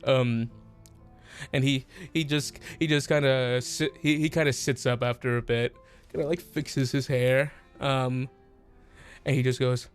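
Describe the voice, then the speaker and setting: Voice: medium pitch, fairly even intonation, a little slow, clear, resonant tone, faint music behind. A game master narrating a tabletop game, hesitant with many fillers and frequent laughter.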